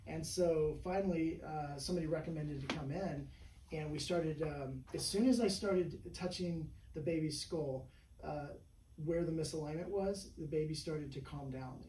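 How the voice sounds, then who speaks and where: A man with a rather high, mellow voice tells patient stories in a loose, rambling way, filling gaps with "you know" and "right?". He sits some way from the mic in an echoey room. A faint hum sits behind him. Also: normal speed, far from the mic. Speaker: chiropractor. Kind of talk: casual interview chat.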